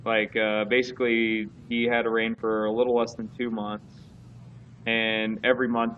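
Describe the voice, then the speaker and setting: A man's voice: on the low side, little pitch movement, moderate pace, narrow, tinny audio, slight background noise. A man co-hosting a casual wrestling chat, rambling with lots of fillers and restarts. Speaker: podcast co-host.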